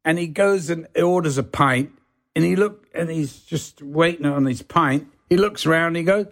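A man, a podcast guest telling show-business anecdotes in a lively way and swearing freely. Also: fairly high pitch, normal speed. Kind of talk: anecdotal storytelling.

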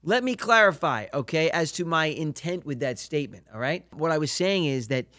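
Young male co-host, animated argumentative banter, bright slightly high voice. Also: fairly quick, no room sound. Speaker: podcast co-host, actor. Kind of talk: casual chat among brothers.

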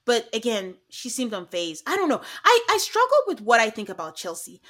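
A woman with a slightly high voice talks a little fast as she co-hosts a podcast. In this casual recap chat she's animated, acting out quotes from a reality show.

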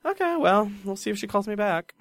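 A giggly podcast co-host who rambles through stories, with pitch swinging widely from low to high. The voice sits close and dry on the mic. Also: big pitch swings, a little fast, fairly bright tone, no room sound. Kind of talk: casual chat.

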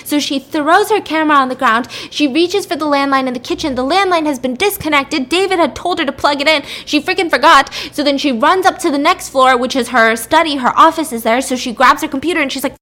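A woman's voice: high-pitched, brisk, few pauses, bright, forceful tone. A woman casually retelling a story, chatty, with lots of "like" and "you know".

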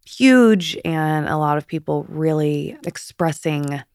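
A woman in her fifties hosting a podcast, chatty and confiding, with a slight lisp on her S sounds and soft whispered asides. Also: low voice, animated, slow, clear, resonant tone, no echo, studio quality. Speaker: podcast host. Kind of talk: candid personal monologue.

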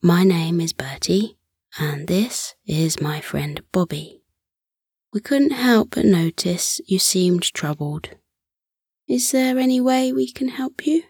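A woman voicing a small, practical and polite male bunny in a breathy, half-whispered bedtime voice, as whispered role-play. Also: on the low side, animated, slow pace, a little mellow, no room sound, studio quality, heavily acted. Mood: polite, eager.

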